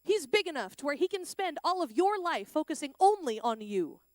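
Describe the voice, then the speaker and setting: High-pitched woman speaker, animated chapel talk, dry recording. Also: a little fast, dry recording. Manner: animated, plays out the characters' lines. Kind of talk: sermon. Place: school chapel.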